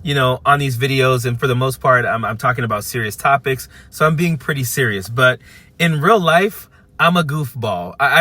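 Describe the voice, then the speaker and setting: A man of fifty telling a casual story to camera from his parked car, animated, acting out what people said, with frequent restarts. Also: medium pitch, dry recording. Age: 50s. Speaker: vlogger. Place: parked at a car charging spot by a busy street.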